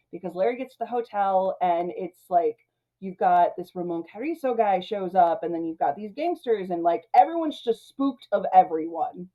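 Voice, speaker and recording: A woman's voice: mid-range voice, dark tone. A woman hosting a movie review, recapping the plot in a chatty way, laughing often and leaning on "like" and "you know.".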